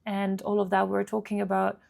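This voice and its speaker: A woman vlogger telling a painful personal story to camera in an earnest, halting way, often restarting and repeating words, with faint guitar music under her voice. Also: mid-range voice, completely flat delivery, gravelly, a little mellow.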